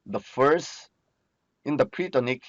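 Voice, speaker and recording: Slow, patient male lecturer, muffled recording. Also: mid-range voice, expressive, no room sound. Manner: slow, patient, asks and answers own questions. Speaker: teacher.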